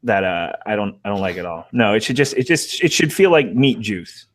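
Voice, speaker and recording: A man's voice: fairly low pitch, sing-song, a little fast. A man in a casual online chat, brash, crude and teasing.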